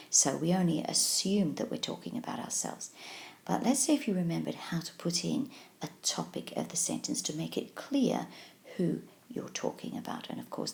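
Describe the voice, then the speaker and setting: Woman, tutorial teacher, a touch low and gravelly, patient and encouraging. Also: darkish tone. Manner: patient, encouraging, slow and clear explanations. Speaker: Japanese language teacher. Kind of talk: scripted video tutorial lesson.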